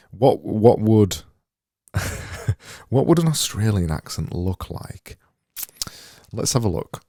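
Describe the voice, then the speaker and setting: A man with a deep, mellow voice narrates his own design work in a casual, half-muttered inner monologue. He talks slowly and pokes fun at himself as he goes. The sound is close and dry, with no room around it. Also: gravelly, slightly rough, no room sound. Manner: thinking aloud, muttering, self-deprecating. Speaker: graphic designer making visuals. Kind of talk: casual screen-recorded work commentary.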